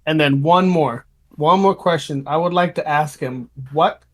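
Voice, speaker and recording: A man playing a tabletop game, asking eager, direct questions of the game master. His voice is a bit higher than most men's. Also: measured pace. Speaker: player.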